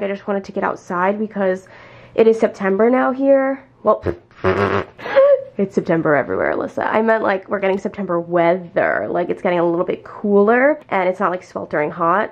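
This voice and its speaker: A woman's voice: mid-range voice, gravelly, muffled recording. A young woman vlogging casually at home and on her backyard deck, chatty and full of "like", cooing in baby talk to her cat. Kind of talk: casual vlog chat.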